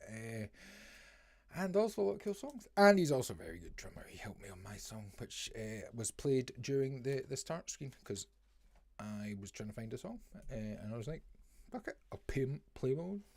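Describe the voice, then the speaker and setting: A man's voice: medium pitch, very animated, normal speed, gravelly, a little mellow, dry recording. A man hosting a music review livestream in a rambling, jokey way, full of "eh" fillers. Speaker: podcast host reviewing songs. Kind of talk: casual livestream chat.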